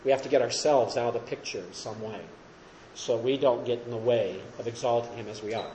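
A man leads a Bible study, walking his class through each verse and checking with them as he goes. His voice sits at an ordinary middle pitch. The room around him rings with a noticeable echo, like a classroom or church hall. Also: steady tone, fairly quick, dark tone, slight background noise. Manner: explanatory, asks class questions. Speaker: Bible teacher. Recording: roomy echo.

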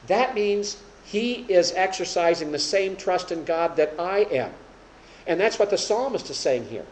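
A man's voice: sits high, animated, moderate pace, darkish tone, roomy sound, a little hiss or hum, rough recording. Man teaching scripture emphatically. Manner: explanatory, emphatic when quoting scripture. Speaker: preacher teaching a Bible study. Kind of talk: expository Bible teaching.

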